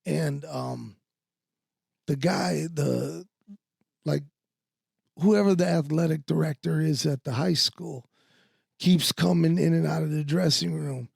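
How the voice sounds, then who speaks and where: Gravelly high-voiced man, slow rambling stories. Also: a little mellow, no room sound, clean studio sound. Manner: profane, rambling with many fillers. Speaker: podcast co-host. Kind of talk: casual storytelling.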